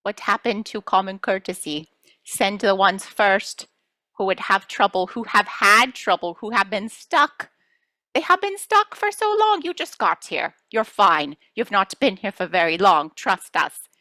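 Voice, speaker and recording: A woman's voice: mid-range voice, animated, a little slow, no room sound. A woman channeling a playful collective of star beings who teases and reassures listeners, calling them children. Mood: reassuring. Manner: addresses listeners as children, gently scolding. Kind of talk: channeling session.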